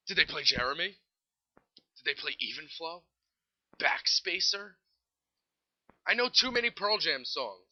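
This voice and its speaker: An American man hosts his own podcast, venting sarcastically and swearing freely about a band his listeners won't stop mentioning. His voice is fairly high with lively intonation at normal speed. The highs are cut off in the audio.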